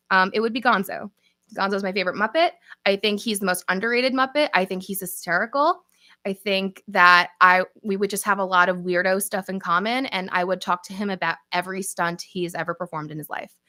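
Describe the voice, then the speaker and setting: A woman's voice: medium pitch, sharp tone, no room sound, clean studio sound. A young woman from New York with a New York accent, chatting casually with viewers as host of a livestream Q&A, upbeat and often laughing. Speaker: channel host.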